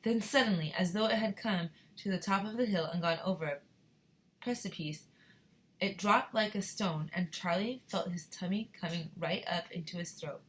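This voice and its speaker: A woman teacher reads a chapter book aloud to her young class, lively and expressive. Her voice sits a bit low. She stops now and then to talk with the children. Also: moderate pace.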